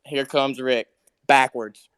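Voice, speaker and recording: A man telling a friend's story in a casual, animated way, often breaking into laughter. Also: medium pitch, takes it slowly, a little hiss or hum. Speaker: friend sharing a memory.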